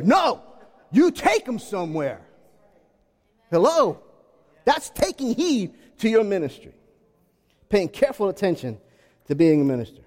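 A man preaching a sermon, his voice sitting high and swinging widely in pitch. He talks in an animated way and throws rhetorical questions at the congregation. The sound carries a long reverb from a large hall. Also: a little slow, pauses often.

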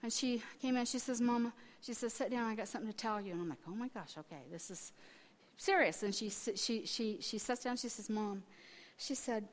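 A woman in her fifties preaching a sermon, telling family stories and swinging between quiet asides and loud, emphatic testifying. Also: a little high, fairly quick.

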